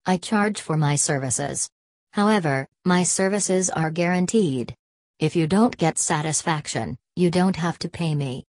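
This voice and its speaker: Woman reading a greedy middle-aged hustler: low, smooth, salesman pitch. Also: a little slow, darkish tone, no echo, clean studio sound. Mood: smooth, persuasive. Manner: direct, salesman-like.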